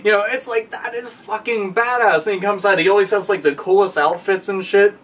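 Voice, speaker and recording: Profane, excitable man ranting far from the mic. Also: high-pitched, fairly quick, slight background noise. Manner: profane, excitable, bursts into loud shouting impressions. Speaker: podcast guest. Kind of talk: casual ranting monologue.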